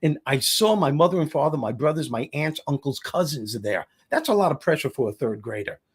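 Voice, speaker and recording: A middle-aged man spins a story in a casual chat. His delivery is punchy and comic, and his voice sits a touch high. He sounds like he is talking on a video call. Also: animated, brisk, breathy edge. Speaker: guest comedian and speaker.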